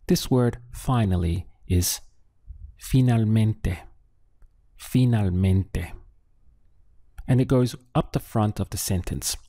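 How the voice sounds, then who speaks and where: Slow, deep-voiced male language teacher. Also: mellow, breathy edge, no room sound, clean studio sound. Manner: slow, patient, with drill pauses. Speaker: Spanish teacher. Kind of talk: audio language lesson.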